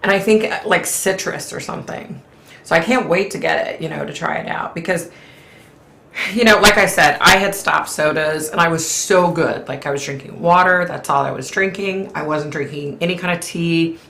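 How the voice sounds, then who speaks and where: A woman's voice: low voice, moderate pace, creaky, fairly bright tone, echoey room. A middle-aged woman hosting a live stream from home, chatting casually in a rambling way and laughing often. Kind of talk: casual chat.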